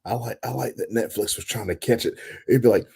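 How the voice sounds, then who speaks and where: A man co-hosting a casual wrestling podcast, chiming in with quick quips and laughs. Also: medium pitch, vocal fry, a little mellow, husky. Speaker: podcast co-host.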